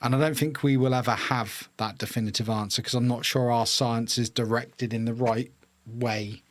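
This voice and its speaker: A man's voice: mid-range voice, fairly even intonation, normal speed, no echo. A man co-hosting a casual live podcast, rambling and laughing easily as he talks. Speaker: podcast co-host.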